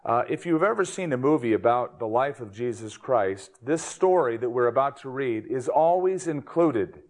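A man's voice: mid-range voice, expressive, normal speed. Folksy male pastor telling a story. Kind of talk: sermon with a folksy joke.

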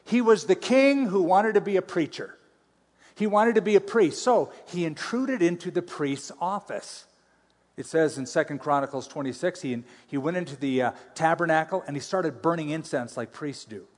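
Man preaching in a reverberant hall. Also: a little high. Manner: conversational Bible teaching with playful asides. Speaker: pastor. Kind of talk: sermon.

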